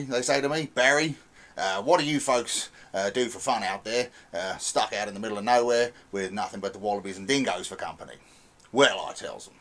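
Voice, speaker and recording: A man with a broad rural Australian accent spins a comic tale, ambling along with plenty of "uh" fillers. His voice sits a little low, and his delivery is unhurried and folksy. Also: fairly bright tone. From Western Australia. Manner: folksy rambling storyteller, many "uh" fillers. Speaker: listener sending a recorded message. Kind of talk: comic monologue.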